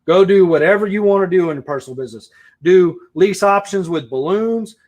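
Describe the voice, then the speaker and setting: A man's voice: high voice, lively intonation, fairly quick, darkish tone. A man, a real estate investor, giving a blunt, profane opinion rant to camera with emphatic repetition.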